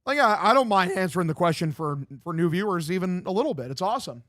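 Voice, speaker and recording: Young male streamer, fairly high voice, loose and profane, dead-dry home mic. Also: animated, fast talker, fairly bright tone, dry recording. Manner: loose, profane, reads chat aloud and answers. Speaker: streamer doing live play-by-play. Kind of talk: casual stream chat with play-by-play commentary. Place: home room.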